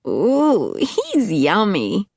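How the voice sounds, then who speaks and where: A woman voicing a drunk, ditzy young blonde woman who whines and giggles in a high, squeaky voice. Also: wildly swooping pitch, extremely slow, creaky, darkish tone, dry recording, studio quality, exaggerated voice. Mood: tipsy, whiny. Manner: high-pitched, whiny party-girl voice.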